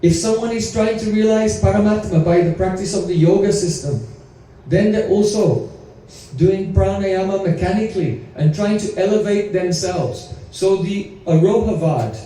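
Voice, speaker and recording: A man's voice: sits high, normal speed, mellow, recorded from a distance. A man giving a devotional lecture as a spiritual teacher, explaining with stories and rhetorical questions. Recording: very echoey room, voice from afar.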